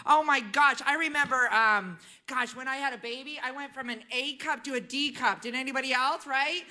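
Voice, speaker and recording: A woman in her thirties doing a chatty, animated stand-up set on a club stage, often tagging lines with "right?". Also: high voice, normal speed. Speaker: stand-up comedian. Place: comedy club stage with a live audience.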